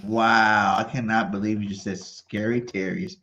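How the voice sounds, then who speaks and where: A man's voice: lowish voice, level tone, normal speed, bright, forceful tone, lo-fi sound. A man co-hosting a casual sports debate, boasting about his team and insisting on it over and over. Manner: boastful, insistent fan banter. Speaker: sports podcast co-host.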